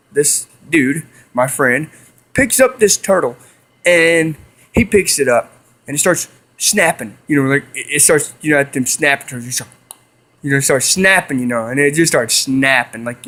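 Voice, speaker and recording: A man's voice: on the high side, fairly bright tone. A young man telling a rambling story to his viewers, repeating himself and hissing to mimic animals. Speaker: vlogger. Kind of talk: casual storytelling to camera.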